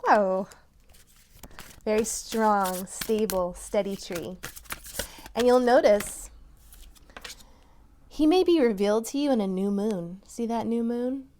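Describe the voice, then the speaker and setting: A woman giving a tarot reading to her viewers, talking in an encouraging, softly emphatic way and breaking into excited exclamations. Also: medium pitch, slow, long pauses, a little hiss or hum. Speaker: tarot reader.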